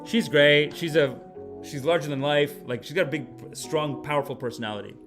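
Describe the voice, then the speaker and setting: A man hosting a comedy podcast, telling rambling casual stories with animated energy and frequent laughter. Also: fairly high pitch, a little fast, music in the background. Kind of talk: casual comic storytelling.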